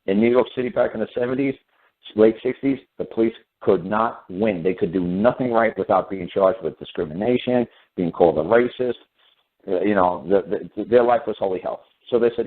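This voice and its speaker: A deep-voiced man rambling bluntly through a story, circling back to the same points and slipping into the voices of the people he quotes. The sound is thin and boxy, like it came down a phone line. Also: moderate pace. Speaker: show host. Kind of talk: rambling monologue. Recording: phone-like narrow audio.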